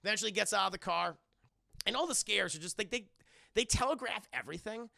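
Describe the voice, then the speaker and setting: Guy ranting through a movie recap for his chat, fairly high gravelly voice, dry close mic. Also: quick pace, no room sound. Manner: rambling, profane, animated storytelling with voiced quotes. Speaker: film reviewer streaming to live chat. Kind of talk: casual spoken film recap.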